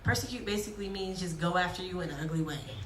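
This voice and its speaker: A woman giving a lively, joking sermon to young people, acting out quotes as she goes. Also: lowish voice, quick pace, far from the mic, slight background noise. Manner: lively, jokey, acts out quotes. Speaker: youth speaker. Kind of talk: youth sermon. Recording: echoey hall, speaker off-mic.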